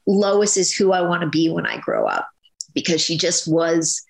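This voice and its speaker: A woman in her fifties talks in a gravelly, slightly low voice, rambling and animated with many restarts. She is an actress guest in a casual interview. The sound is echoey, as in a bare room. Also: normal speed. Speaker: soap opera actress guest.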